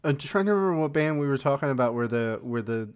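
A man co-hosts a podcast in relaxed, casual chat, agreeable and quick to swear. His voice has an ordinary middle pitch. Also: clean tone. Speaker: podcast co-host.

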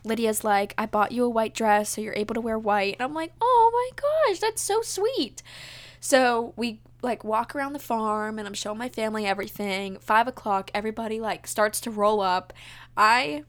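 A woman's voice: medium pitch, fairly even intonation, fairly quick, a bit bright. A young woman telling her engagement story in a casual, gushing way, full of fillers and close to tears. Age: young adult. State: tearful. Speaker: vlogger.

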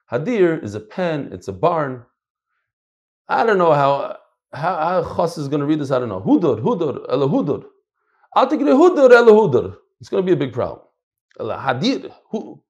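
A middle-aged man teaching a casual Talmud class, animated and swinging between loud and soft. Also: a little high.

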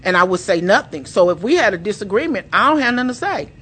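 A woman on a podcast in casual chat, an animated storyteller who acts out the quotes in her stories. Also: mid-range voice, fast talker, husky.

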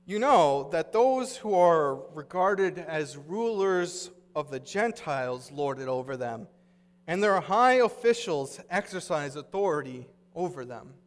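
A man's voice: a little high, animated, measured pace, big-room sound. A man pastor giving a sermon, earnest and conversational as he retells scripture in everyday words.

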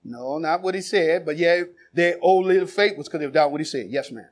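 A man a sermon, quizzing the congregation and then building to shouted exhortation. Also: on the high side, a little fast. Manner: builds from conversational questioning to shouted preaching. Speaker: preacher. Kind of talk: sermon with congregation call-and-response.

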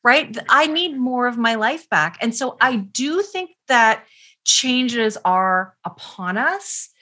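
Woman, middle-aged, interview guest, earnest, passionate, bright husky voice. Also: on the high side, expressive, slow pace. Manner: earnest, passionate, emphatic repetition. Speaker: parenting expert guest. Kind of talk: conversational interview.

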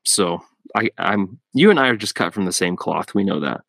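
Low-voiced man hosting a chatty podcast. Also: expressive, normal speed, vocal fry, fairly bright tone, no room sound. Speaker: podcast host. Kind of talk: casual chat.

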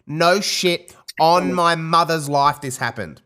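A man hosting a casual podcast, telling animated stories and acting out loud shrieks. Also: on the high side, takes it slowly. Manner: lively storyteller who acts out shrieks. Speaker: podcast host. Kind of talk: casual chat.

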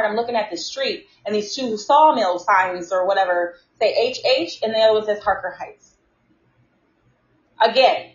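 A woman's voice: mid-range voice, echoey room, muffled recording. Exasperated woman ranting to her viewers. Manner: animated, exasperated, talks straight to viewers. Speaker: live stream host. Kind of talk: casual storytelling to a live audience.

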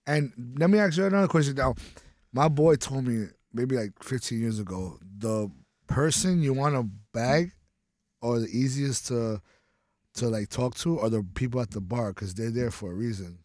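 A man, a DJ guest on a podcast, telling animated stories and laughing often. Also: medium pitch, moderate pace, no room sound, studio quality. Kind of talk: casual chat.

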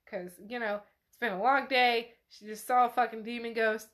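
A woman's voice: on the high side, steady tone, moderate pace, fairly bright tone. Chatty, profane woman podcaster. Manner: profane, chatty retelling full of "like". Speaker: podcast host. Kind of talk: casual book recap chat.

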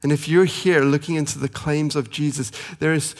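A man in his thirties preaching a sermon as pastor, earnest and pleading, slowing for emphasis and speeding through family stories. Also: a little high, steady tone. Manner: earnest, pleading, with slow emphatic pauses and fast anecdotes.

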